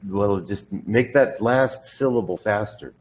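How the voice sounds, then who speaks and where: A man's voice: lowish voice, measured pace, rough recording. A man teaching English pronunciation one on one, patiently modelling words and correcting the learner's drills.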